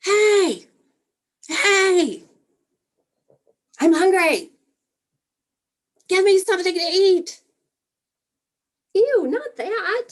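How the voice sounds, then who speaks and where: A woman playing a parent who mimics a demanding baby, shouting high whiny complaints. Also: expressive, extremely slow, long pauses, exaggerated voice.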